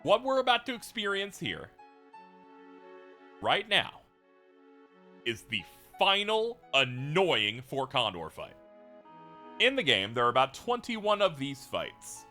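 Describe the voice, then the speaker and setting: Animated man doing let's play commentary; bright, cutting voice, swears and laughs a lot. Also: on the high side, slow pace, pauses often, soft background music. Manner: animated, profane, laughing asides. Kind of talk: video game commentary.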